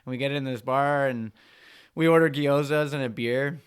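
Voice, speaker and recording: A young man from Canada, a pro freeskier, telling a rambling, animated story on a podcast and saying "like" a lot. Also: medium pitch, moderate pace, clean tone. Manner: animated, rambling anecdotes full of "like".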